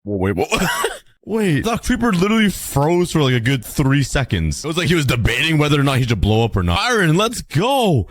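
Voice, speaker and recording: A young man giving excitable Minecraft let's play commentary, exclaiming and laughing often. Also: on the high side, a little fast, few pauses. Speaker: gaming YouTuber.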